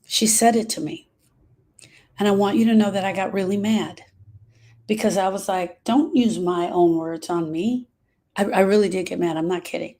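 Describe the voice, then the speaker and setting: A middle-aged woman speaking as a grief specialist, talking earnestly to her followers and slowing down on emotional points. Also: medium pitch, steady tone, a little mellow. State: emotional, short of breath at moments. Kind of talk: personal talk to followers.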